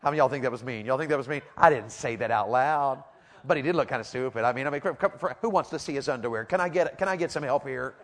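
A middle-aged man preaching a lively sermon, telling a story, acting out voices and asking the congregation questions. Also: mid-range voice, fast, big-room sound. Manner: animated storytelling, acts out voices, rhetorical questions. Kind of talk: lively sermon with audience call-outs.

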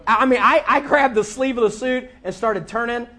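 High-voiced man preaching a lively story. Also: a little fast. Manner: animated, repeats words, acts out dialogue. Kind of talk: sermon storytelling.

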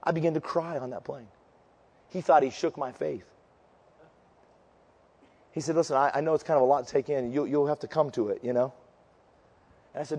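A male preacher giving an impassioned sermon, moving between fervent declarations and quieter storytelling. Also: on the high side, steady tone, a little fast, long pauses, big-room sound.

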